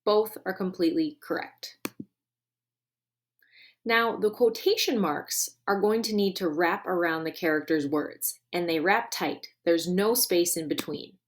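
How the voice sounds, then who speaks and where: A woman teacher giving a recorded grammar lesson, clear and deliberate, stressing key words. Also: fairly low pitch.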